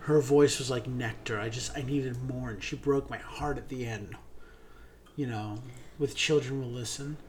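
A man's voice: mid-range voice, fairly even intonation, normal speed, slight background noise. A man co-hosting a theater podcast, gushing enthusiastically about shows in casual chat, with many ums.

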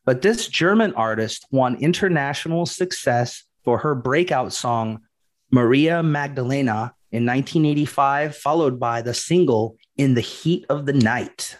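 A man hosting a casual trivia quiz, teasing the players and reading the questions out slowly. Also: mid-range voice.

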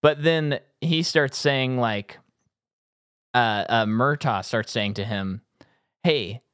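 A man co-hosting a casual movie podcast, telling a long funny story and acting out movie lines in sudden high voices. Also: slow, a bit bright, smooth, no room sound, studio quality. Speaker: podcast co-host.

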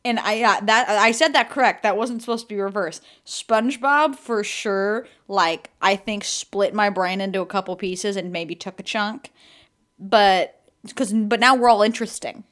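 A woman's voice: medium pitch, fairly bright tone. A young woman hosting a podcast in casual chat, rambling and filling her sentences with "like". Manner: rambling, fills every pause with "like". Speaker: podcast host.

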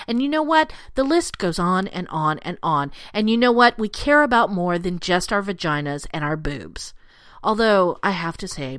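A woman's voice: medium pitch, a bit bright, dry recording, clean studio sound. A woman delivering an angry, sarcastic, profane political rant, punching out short lines.

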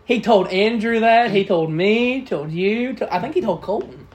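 A man's voice: high voice, lively intonation, normal speed, a little hiss or hum. A young man co-hosting a podcast, retelling school memories in casual chat with lots of laughter and swearing. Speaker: podcast co-host.

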